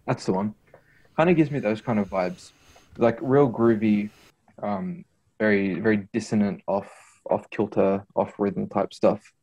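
A man's voice: on the low side, unhurried, a little mellow, breathy edge, muffled recording. A man rambling casually about songs on a podcast, hunting for words. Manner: rambling, lots of fillers and restarts. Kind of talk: casual music chat.

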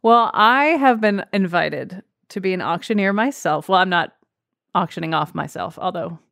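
A woman radio host interviewing a guest in lively casual chat, laughing often. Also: fairly low pitch, moderate pace, vocal fry, no echo, clean studio sound.

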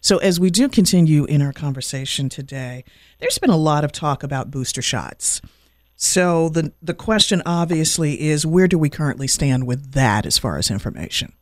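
A man hosting a weekend radio interview show, speaking with effusive praise and long, drawn-out phrasing. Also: on the high side, animated, no room sound, clean studio sound.

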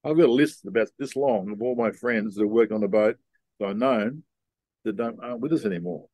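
An older man being interviewed, telling long rambling stories in a relaxed, casual way. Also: on the low side, a little fast, no echo. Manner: laid-back rambling storyteller. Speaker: guest.

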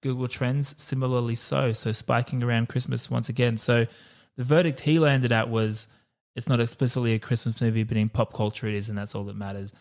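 A man, co-hosting a casual movie chat, laughing often and talking in quick bursts. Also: medium pitch, steady tone. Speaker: podcast co-host.

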